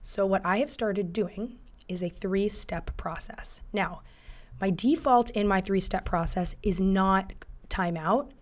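A woman's voice: mid-range voice, slow. A woman in her thirties talking casually about parenting as a podcast host, full of fillers and restarts. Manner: conversational, many fillers and restarts, acts out quotes. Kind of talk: casual advice monologue.

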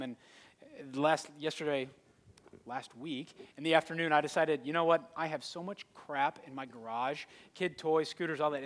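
A man in his thirties preaches to a congregation, mixing scripture with a lively, conversational story. His voice sits a little high for a man. The sound carries a long reverb, as if from a large church hall. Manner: conversational storytelling with rising intensity. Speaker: pastor. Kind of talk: sermon.

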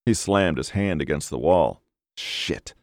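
A man narrating a dark novel as an audiobook, in a measured, unhurried way. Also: sits low, animated, no room sound, clean studio sound.

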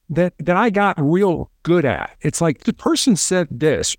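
A middle-aged man pitched fairly high tells interview stories about his former work negotiating hostage situations. The studio sound is clean and echo-free, and he performs animatedly, voicing the people he quotes and repeating himself.

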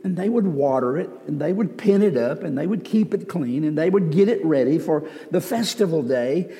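A man's voice: fairly high pitch, expressive, moderate pace, mellow. A man preaching a sermon as pastor, telling folksy stories with joking asides. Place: church sanctuary. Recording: reverberant church hall.

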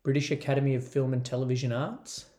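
Man, mid-pitched voice, wry podcast co-host, dry one-liners. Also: flat delivery, quick pace, dark tone. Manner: dry quips and short agreements. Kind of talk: casual movie review chat.

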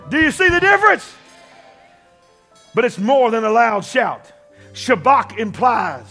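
A male pastor preaching a sermon, often shouting and leading call-and-response with the congregation. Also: high-pitched, big pitch swings, moderate pace, faint music behind. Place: church.

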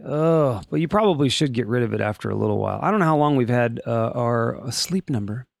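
A man's voice: mid-range voice, brisk, creaky, no echo, clean studio sound. A middle-aged man hosting a podcast, chatting casually and jokingly about odd news stories. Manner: joking, animated, puts on silly voices for quotes. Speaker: podcast host. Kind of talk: casual comedic news chat.

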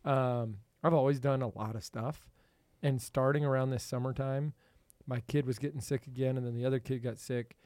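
Animated male podcast host, dry sound. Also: medium pitch, moderate pace, no echo. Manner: animated, laughs often. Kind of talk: casual chat.

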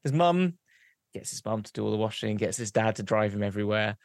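A man's voice: lowish voice, lively intonation, a little fast, no echo, studio quality. A young man, a podcast co-host, telling a long rambling joke, losing his place and starting over. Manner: rambling, loses track, restarts.

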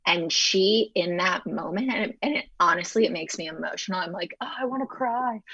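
A young adult woman from Chicago, a chef and TV host, telling her story as an interview guest in a fast, animated way, acting out quoted dialogue. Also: fairly low pitch, gravelly, breathy edge, dry recording, muffled recording. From Chicago, United States.

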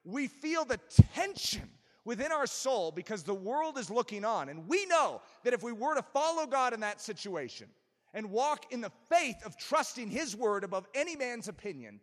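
Animated male preacher in an echoing hall. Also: very high voice, moderate pace. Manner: emphatic, animated preaching with self-deprecating humor. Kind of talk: sermon. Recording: long reverb of a large hall.

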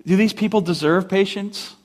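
A man preaching a sermon as a pastor, talking in a conversational way and acting out the story with lively voices. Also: sits high, normal speed.

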